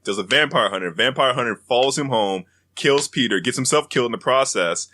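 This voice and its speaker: A young man co-hosting a casual podcast, retelling film scenes in a profane, animated way. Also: medium pitch, brisk. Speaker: podcast co-host.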